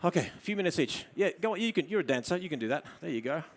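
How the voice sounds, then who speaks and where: Australian male presenter, fairly high voice, live photo demo, drops to soft murmurs when directing the model. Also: sing-song, racing. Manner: coaxing a model with soft murmured praise between explanations. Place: studio demo before an audience.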